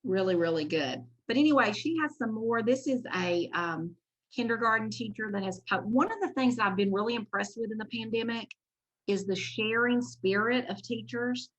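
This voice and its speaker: A woman's voice: on the high side, moderate pace, muffled recording. A woman giving an online presentation to teachers, chatty and enthusiastic, with asides about her slides.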